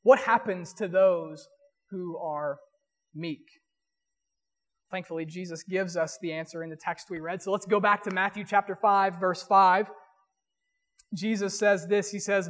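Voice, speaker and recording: A man, a pastor, preaching a sermon earnestly and reading scripture aloud slowly. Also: high voice, steady tone, fairly bright tone, in a large hall.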